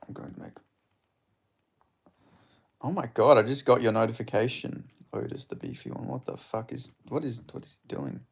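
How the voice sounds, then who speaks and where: Hosting a fight watch-along, a laid-back Australian man from Perth, Western Australia, swears freely while talking to his viewers. His voice sits in the mid-range with vocal fry and a slightly rough quality, moving at a moderate pace and pausing often.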